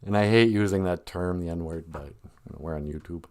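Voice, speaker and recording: A man with a low-pitched voice, talking at normal speed, hosts a podcast. His casual comedic monologue rambles, and he laughs often between jokes.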